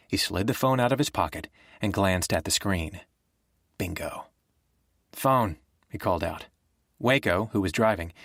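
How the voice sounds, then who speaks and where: A man narrating a thriller audiobook in a steady, measured way. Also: sits low, no room sound, studio quality. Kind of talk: scripted narration.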